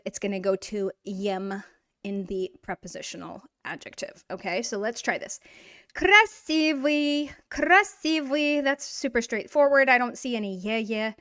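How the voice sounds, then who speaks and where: A woman teaching a grammar lesson in a chatty, encouraging way, asking rhetorical questions and slowly drawing out example words. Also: mid-range voice. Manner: drawn-out model pronunciation of example words. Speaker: Russian language teacher.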